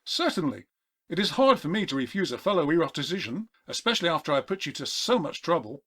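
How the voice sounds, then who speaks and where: A man voicing an eccentric, excitable collector in a comedy audio play, with a polite, formal manner. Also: a little high, quick pace. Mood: prim.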